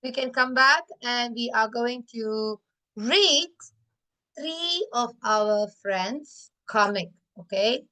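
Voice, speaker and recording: A woman's voice: fairly high pitch, takes it slowly, pushed and bright, rough recording. A woman teacher, talking to her class and slipping between English and Malay with frequent fillers. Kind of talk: classroom lesson, reviewing student comics.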